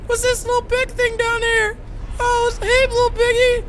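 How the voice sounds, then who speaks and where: A man putting on the voice of a panicked man who begs frantically for mercy with high, yelping pleas. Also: monotone, moderate pace, very noisy. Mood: frantic. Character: panicked, pleading young man begging for mercy.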